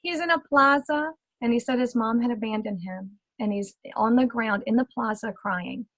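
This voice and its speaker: A woman telling a personal faith story as a testimony, retelling it with lively acted-out dialogue. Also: a little high, moderate pace, dry recording, low-quality recording. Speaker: ministry speaker.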